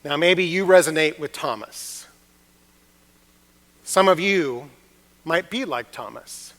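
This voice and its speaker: A man delivers a chapel sermon in a high, bright voice, unhurried and deliberate. He tells his story earnestly, leaning on emphatic pauses. His words ring out with the long reverb of a chapel hall. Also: sing-song. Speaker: preacher. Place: university chapel.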